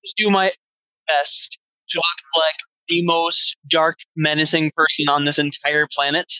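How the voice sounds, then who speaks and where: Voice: medium pitch, flat delivery, a little slow, sharp tone, no echo, low-quality recording. A player in a tabletop game, speaking eagerly and exclaiming about the rolls. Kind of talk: casual tabletop play.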